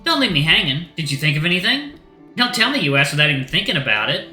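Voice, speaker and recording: A man's voice: fairly high pitch, sing-song, fast talker, bright, forceful tone, echoey room, faint music behind, full character voice. Man voicing a bossy, impatient she-bear. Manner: impatient and commanding. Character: stern bossy female bear.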